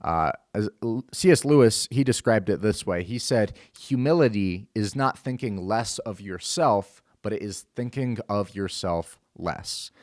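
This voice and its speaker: Young guy hosting his own show, earnest religious talk, kinda low voice, lots of uh and restarts, dry sound. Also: lively intonation, a little slow, hardly any pauses, darkish tone, no room sound. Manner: earnest, explanatory, with frequent fillers and restarts. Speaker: show host.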